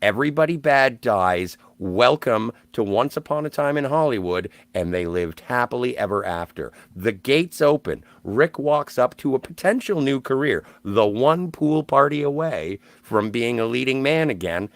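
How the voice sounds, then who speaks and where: A man's voice: medium pitch, expressive, normal speed, few pauses, no room sound. A man co-hosting a podcast, talking about a film emphatically and swearing freely. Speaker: podcast co-host. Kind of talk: casual film discussion.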